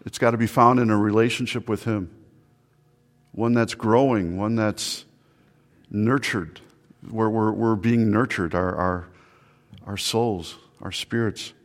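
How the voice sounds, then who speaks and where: A man's voice: lowish voice, fairly even intonation, measured pace, long pauses. Earnest male pastor preaching in a reverberant hall. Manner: earnest, repeats words and restarts phrases, asks the listeners questions. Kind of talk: sermon.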